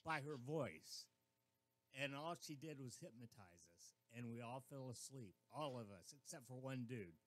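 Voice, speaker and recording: A man's voice: medium pitch, expressive, normal speed, fairly bright tone. A man in casual radio banter, chatting and telling candid anecdotes.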